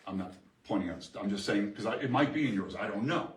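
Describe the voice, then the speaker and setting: A middle-aged man presents a live seminar to an audience in a meeting room, lively and emphatic, often asking the room questions. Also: fairly low pitch, fast talker. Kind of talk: live workshop talk to an audience. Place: chamber of commerce meeting room. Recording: echoey room from far off.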